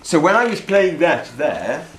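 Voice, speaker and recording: A man's voice: a little high, very animated, unhurried, reverberant, loud music behind the voice. A man giving a violin lesson, blunt and opinionated, stressing his points as he demonstrates on the instrument indoors. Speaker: violin teacher. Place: indoor room with a door. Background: violin playing between phrases.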